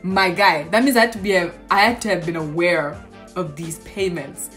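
A young woman vlogger telling a storytime tale in a sassy, animated way, with lots of asides. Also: lowish voice, normal speed, soft background music.

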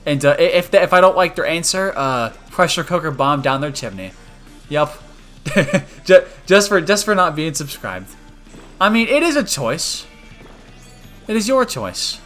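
A young man commentating his own online gameplay on a stream, joking and switching between loud outbursts and quiet mumbles. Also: on the high side, very animated, unhurried, soft background music. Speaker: gaming streamer.

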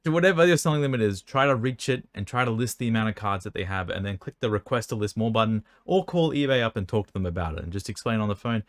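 A man's voice: on the low side, quick pace, hardly any pauses, no echo. A man answering viewer questions about selling cards in casual chat, rambling and stumbling over words, his mouth dry and hiccuping. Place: indoor room by an air conditioner.

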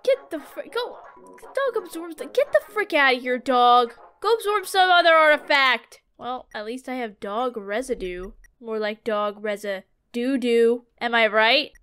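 A young woman giving excitable, dramatic commentary while playing a game, talking back to its characters. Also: on the high side, a little slow, clear, resonant tone. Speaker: let's play gamer.

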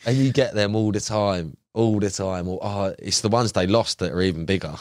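A young man, a podcast guest, chatting casually and telling animated, slangy stories full of fillers. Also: on the low side, moderate pace, no room sound, studio quality. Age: young adult. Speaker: podcast guest, carp angler. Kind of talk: casual chat.

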